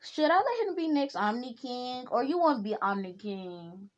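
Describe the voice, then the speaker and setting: A childlike, all-powerful god king, as a woman reads him out in a homemade spoken story. He sounds naive and puzzled, with a high voice. The sound is dull and lo-fi. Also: big pitch swings, moderate pace.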